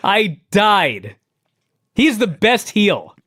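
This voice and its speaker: A man co-hosting a podcast, chatting casually as an excitable, enthusiastic fan. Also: drawn-out words, husky, dry recording, clean studio sound. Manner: excitable, enthusiastic fan who jumps up in pitch when thrilled. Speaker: podcast co-host. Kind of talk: casual chat.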